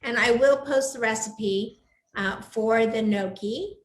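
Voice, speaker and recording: A woman's voice: on the high side, takes it slowly. A woman hosting a live cooking show from her home kitchen, chatting with enthusiasm and gushing over the food. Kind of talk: live cooking demo chat. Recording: echoey room.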